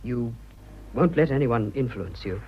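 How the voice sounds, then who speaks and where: A man's voice: mid-range voice, lively intonation, unhurried, highs cut off, a little hiss or hum. An actor playing an earnest, flustered young businessman declaring his love, stammering in clipped upper-class British speech in a radio drama. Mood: subdued.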